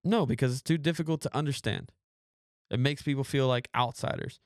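A man's voice: mid-range voice, a little fast, no room sound, studio quality. A man hosting a podcast, preaching emphatically, reading scripture and repeating phrases for emphasis. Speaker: podcast host.

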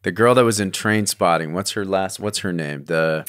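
A man's voice: sits low, moderate pace, a bit bright. A man hosting a podcast in casual, chatty conversation. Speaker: podcast host. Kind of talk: casual chat.

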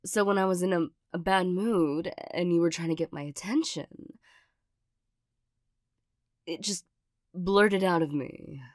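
A woman voicing an awkward young girlfriend, gruff but loving, in a whispered role-play, hesitant and stammering with nervous little laughs. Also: on the low side, fairly even intonation, measured pace, long pauses, no room sound, clean studio sound, close to an everyday voice. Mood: flustered. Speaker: ASMR role-play performer.

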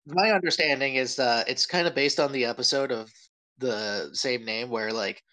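A man's voice: medium pitch, moderate pace, pushed and bright, rough recording. Laid-back male podcast co-host. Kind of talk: casual podcast chat.

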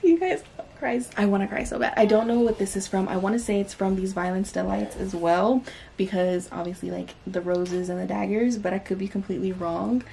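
A woman hosting a casual unboxing vlog, gushing and excitable and chatty with lots of fillers. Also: medium pitch, a little fast, gravelly, slight background noise. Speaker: booktube host.

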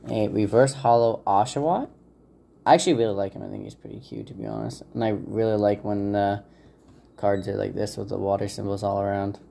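A man hosts a laid-back pack-opening video in a dark, mellow voice with a gravelly edge. He talks casually and hesitantly, pausing on fillers and stumbling over names. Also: lowish voice. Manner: relaxed, hesitant, many fillers, unsure of names. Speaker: channel host opening trading card packs. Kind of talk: casual unboxing commentary.

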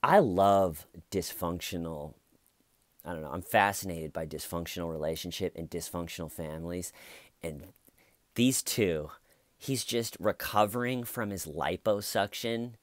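A man's voice: low voice, unhurried, dry recording. A man giving casual, blunt and sardonic commentary on a true crime case.

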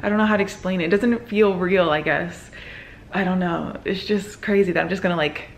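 A young woman in her twenties, a medical student, talking casually to camera with lots of fillers and excited exclamations. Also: on the low side, brisk, slight background noise. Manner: excited and emotional, many fillers like "like" and "oh my God".

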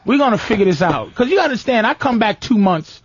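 A man hosting a talk show, telling crude comic stories in an animated, profane rant and mimicking other voices. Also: high-pitched, quick pace, slight background noise. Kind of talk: profane comedic radio rant. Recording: muffled lo-fi, dry.

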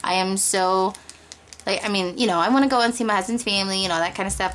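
A young woman vlogger gushing quickly through a craft-supply unboxing, giddy and talkative after extra coffee. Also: medium pitch, noisy background. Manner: gushing, fast, over-caffeinated. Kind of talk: excited unboxing chat.

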